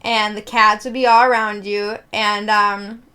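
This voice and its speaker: A young woman hosting a podcast, telling a story in an animated, laughing, casual way with many fillers. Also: medium pitch, a little slow, smooth. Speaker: podcast host.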